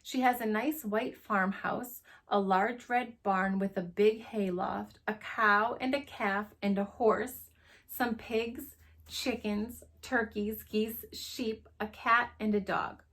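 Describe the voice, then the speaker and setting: Woman teacher reading a storybook to kids, a bit gravelly, expressive. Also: mid-range voice, slow pace. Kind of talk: reading a chapter book aloud to children.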